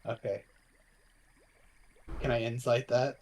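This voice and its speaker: A man playing a tabletop game, talking in an unhurried, easygoing way. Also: mid-range voice, flat delivery, a little mellow, lo-fi sound. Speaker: player. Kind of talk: casual chat during a tabletop game.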